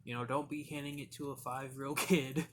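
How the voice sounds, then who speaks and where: A man's voice: medium pitch, little pitch movement, fairly quick, slight background noise. A young man from Michigan reviewing cigars and telling loose stories, rambling with lots of "like" and "you know". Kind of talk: casual storytelling vlog.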